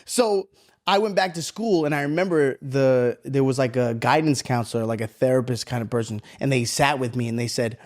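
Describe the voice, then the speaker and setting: A man in his thirties co-hosting a podcast, telling animated, profanity-laced stories and acting out the voices in them. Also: mid-range voice, a little fast. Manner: animated, swears a lot, acts out voices in stories. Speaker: podcast co-host. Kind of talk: casual storytelling chat.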